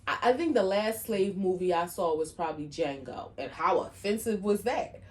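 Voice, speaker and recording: A woman cohosting a podcast in casual chat, animated and peppered with "like". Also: medium pitch, moderate pace. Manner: animated, frequent "like" fillers.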